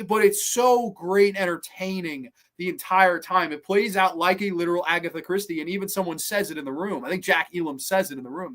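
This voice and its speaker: A man's voice: a little high, a little fast, fairly bright tone. A man hosting a podcast, casually reviewing a TV episode in an enthusiastic, rambling way and cursing freely. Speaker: podcast host.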